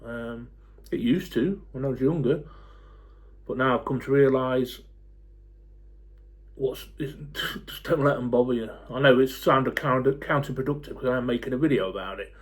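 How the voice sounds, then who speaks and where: A man in his forties, talking to camera in a blunt, fed-up rant, swearing freely and pausing on lots of ums. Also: medium pitch. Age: 40s. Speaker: football fan YouTuber.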